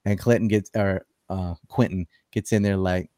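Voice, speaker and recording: A man's voice: deep voice, steady tone, moderate pace, warm tone, no echo. A man hosting a casual political chat, blunt and sardonic, often breaking into mocking impressions.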